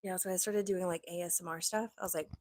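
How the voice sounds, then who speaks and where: A woman's voice: lowish voice, fairly even intonation, fast, darkish tone. A woman hosting a casual live stream, chatting in an upbeat, loose way with lots of fillers into a desk microphone.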